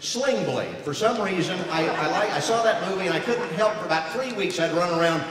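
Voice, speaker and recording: A man, a voice actor, giving a comedic speech to an audience, telling stories in an animated way and slipping into character voices. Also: high-pitched, brisk. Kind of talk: comedic keynote speech with impressions. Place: large hall before an audience. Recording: echoey hall recording from far off, crowd noise.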